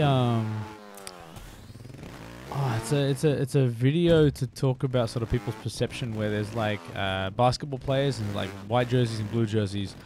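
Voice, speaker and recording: A man streaming a game and chatting casually, rambling and self-mocking while he answers chat. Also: medium pitch. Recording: steady noise behind the voice.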